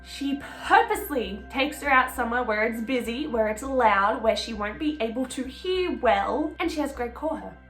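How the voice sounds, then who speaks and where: A young woman tells a true crime story casually, with emotional asides and frequent swearing. Her voice sits a little high. The room is echoey, and faint music plays underneath. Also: animated, normal speed, hardly any pauses, a bit bright. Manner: chatty, emotional, swears freely, fillers of "like".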